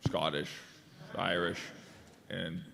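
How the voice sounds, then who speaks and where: An American man telling stories on a convention panel, animated and laughing, acting out quotes. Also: deep voice, slow, gravelly. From United States. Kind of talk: casual storytelling. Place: large convention hall. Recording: echoey convention hall.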